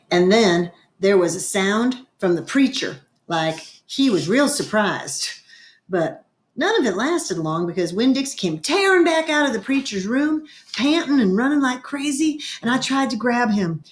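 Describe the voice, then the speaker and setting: A woman reading a children's novel aloud with expressive storytelling, now and then clearing her throat. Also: medium pitch. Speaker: reader.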